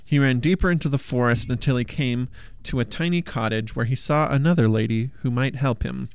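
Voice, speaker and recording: A storyteller reading a funny fairy-tale picture book aloud in a playful, expressive way. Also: medium pitch, fairly quick, clean tone.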